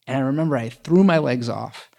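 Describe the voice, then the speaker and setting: A man's voice: mid-range voice, a little fast, gravelly, darkish tone. A middle-aged man telling a personal story in casual conversation, chatty with lots of fillers and self-mocking humor.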